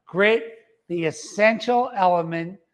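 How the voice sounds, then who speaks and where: A middle-aged man delivers a motivational talk in a fairly high voice. He speaks emphatically, repeats key phrases for weight and punctuates his points with a quiet "uh-huh". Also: slow pace, clear, resonant tone.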